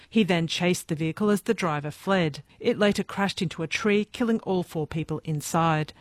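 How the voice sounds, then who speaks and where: A woman reporter reading a scripted court news story in a clear, even way. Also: lowish voice, no echo.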